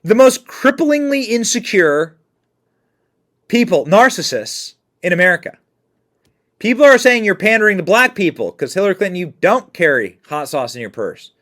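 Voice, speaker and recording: A male commentator runs a reaction show and mocks each clip, laughing as he goes. His voice sits fairly high and sounds bright. His pitch swings widely from line to line. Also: normal speed. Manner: mocking, animated, laughs often. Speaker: political commentary host.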